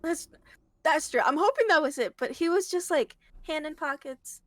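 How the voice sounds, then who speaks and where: A woman chatting casually as a guest, animated and giggly as she retells things. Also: high voice, moderate pace. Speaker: guest reviewer. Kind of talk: casual chat.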